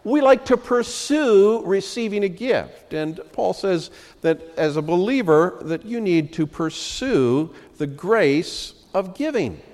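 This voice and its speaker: A man's voice: high voice, lively intonation, takes it slowly, a little mellow, big-room sound. A middle-aged man preaching a sermon as pastor, reading scripture in earnest and talking it over with frequent "uh" fillers. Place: church sanctuary.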